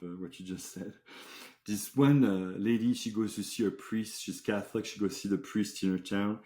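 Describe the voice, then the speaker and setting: A man hosting a podcast in casual chat, telling stories in a relaxed way with long run-on lists. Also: lowish voice, echoey room. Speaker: podcast host.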